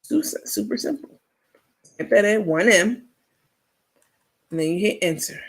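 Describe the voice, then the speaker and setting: Woman host on a late-night livestream, gravelly, sassy, salty, laughs easily, reads the comments. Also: medium pitch, lively intonation, measured pace. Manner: reads and answers viewer comments.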